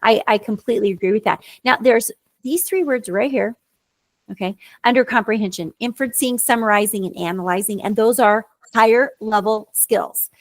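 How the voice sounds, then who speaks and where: A woman's voice: fairly high pitch, moderate pace, dry recording. A woman tutor co-hosting a casual chat about reading, earnest and explanatory. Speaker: tutor and podcast co-host.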